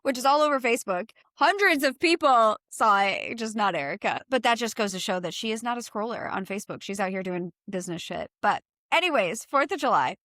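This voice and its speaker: A young adult woman co-hosting a real estate podcast, telling a story in a lively, profane, chatty way. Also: on the high side, a little fast, few pauses, no room sound, clean studio sound.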